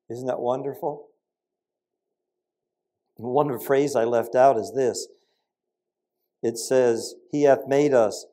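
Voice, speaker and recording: An older man preaching a sermon, telling stories in an animated way with sudden loud peaks and quiet asides. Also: medium pitch.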